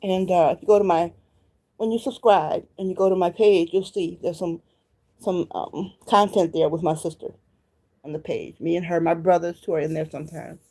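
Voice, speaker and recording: A woman from Detroit chats casually to her viewers. She speaks in a low, mellow voice and addresses them directly as she reminisces. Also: fairly even intonation, normal speed. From Detroit, Michigan. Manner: reminiscing, talks straight to viewers. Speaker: vlogger.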